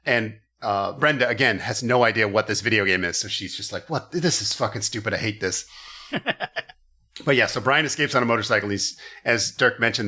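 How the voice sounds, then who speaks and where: A man's voice: fairly low pitch, pushed and bright. A man hosting a comedy podcast, recapping a movie in casual chat and briefly acting out its characters in silly voices.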